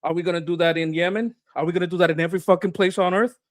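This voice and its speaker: Brief: fired-up male political commentator, slightly high voice, dry close mic, rants and swears. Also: steady tone, very fast, no room sound. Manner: impassioned, swearing, repeats words when worked up. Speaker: co-host. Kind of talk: heated political discussion.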